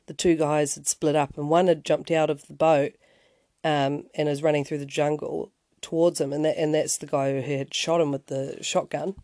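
A man's voice: fairly high pitch, a little mellow, dry recording. A man hosting a podcast, telling a story in a casual, rambling way with many restarts and wry asides. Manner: conversational, rambling, frequent restarts and "you know". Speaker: podcast host.

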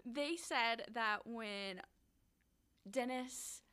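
A woman's voice: fairly high pitch, drawn-out words, bright, forceful tone, clear, resonant tone. A woman co-hosting a casual true-crime podcast, giggling often and swearing as she chimes in. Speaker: podcast co-host.

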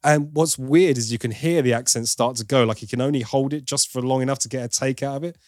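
A man's voice: medium pitch, fast talker, no room sound, studio quality. A man giving an opinionated, casual film review as host, now and then mimicking for laughs. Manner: opinionated, playful mimicry of accents.

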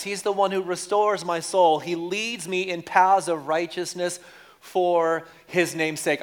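A pastor preaching a lively sermon, joking with the congregation and repeating key lines for emphasis. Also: male voice, high voice.

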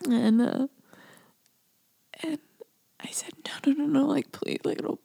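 A woman hosting a casual solo podcast, rambling and confessional with lots of "like", often sinking to a breathy near-whisper. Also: high voice, a little slow, dark tone, no echo. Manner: rambling and confessional, heavy use of "like". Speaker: podcast host.

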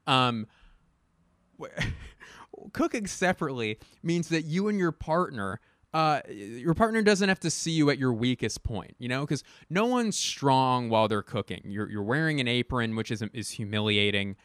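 A young man riffs through a comic monologue, swearing freely and tripping over his own restarts before punching words out loud. His voice sits at a middling pitch and is recorded dry and close, with no room sound around it. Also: animated, normal speed, no echo. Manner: profane, rambling, self-deprecating, with frequent restarts and sudden loud bursts. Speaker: comedian. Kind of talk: stand-up style comic monologue.

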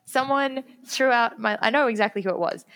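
A young adult woman chatting casually, telling work stories quickly and acting out the quotes with lively energy. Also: a little high. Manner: quick, animated storytelling, acts out quotes. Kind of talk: casual chat.

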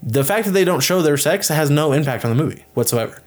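A man's voice: on the high side, expressive, quick pace. A young man co-hosting a casual film podcast, emphatic and full of fillers. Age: young adult. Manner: profane, emphatic, filler-heavy. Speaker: podcast co-host. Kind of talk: casual chat.

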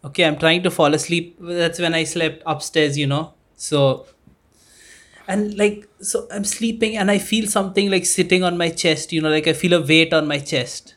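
A man's voice: a little high, fairly even intonation, moderate pace, a bit bright. A man co-hosting a casual podcast, telling a story in a loose, rambling way, laughing often and swearing casually. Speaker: podcast co-host. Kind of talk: casual chat.

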